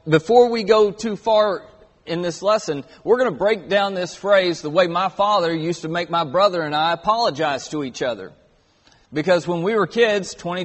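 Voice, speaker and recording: High-voiced preacher in a reverberant hall. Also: male voice, fairly bright tone. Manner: earnest, builds emphasis on key words. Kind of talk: sermon. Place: church auditorium.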